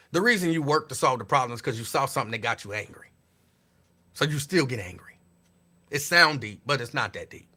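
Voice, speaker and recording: A man's voice: mid-range voice, lively intonation, fast, bright, forceful tone. A man hosting a show, talking in casual commentary with a sarcastic, repetitive, preachy delivery. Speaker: host.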